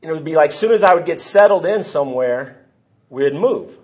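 A man's voice: on the high side, lively intonation, fairly quick, a little mellow. Man sharing his story at a podium. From Texas. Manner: rambling, self-deprecating, frequent restarts. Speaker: speaker at a recovery meeting. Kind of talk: personal testimony talk. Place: meeting hall at a podium.

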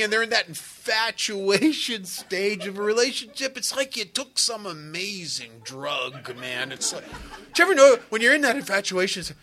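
A man speaking at a recovery meeting and telling humorous stories in a joking, conversational way. He often drops into quiet asides and then breaks into loud, excited bursts. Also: high-pitched. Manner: joking, conversational, full of "you know" and "man". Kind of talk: humorous storytelling talk.

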